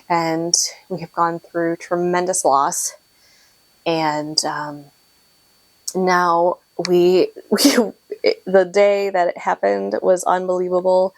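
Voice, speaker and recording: A woman's voice: on the low side, gravelly, dry recording. A woman in her thirties hosting a knitting podcast, talking in a rambling, chatty way with frequent laughs and restarted sentences, close to her microphone. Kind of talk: casual chat to camera.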